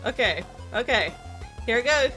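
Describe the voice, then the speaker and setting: A woman voicing an eager young child who wants to learn to fight, talking earnestly in short, excited bursts. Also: on the high side, moderate pace, soft background music, pitched above the performer's own voice. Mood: keen.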